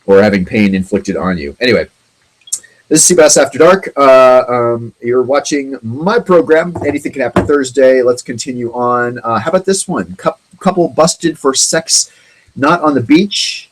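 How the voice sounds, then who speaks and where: A man talks through strange news stories as the host of his own online show. His voice is husky and a bit breathy, sitting at an ordinary middle pitch. He rambles, stalls on ums and uhs, and drops sarcastic little jokes between the facts. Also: lively intonation, rough recording. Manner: rambling, halting, with many ums and asides; sarcastic, jokey remarks on the stories. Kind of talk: casual commentary on odd news stories.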